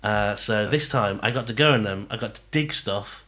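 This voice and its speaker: A man's voice: on the low side, normal speed. A man from England, co-hosting a podcast, telling stories with enthusiasm in a casual chat. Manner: enthusiastic, animated storytelling. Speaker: podcast co-host.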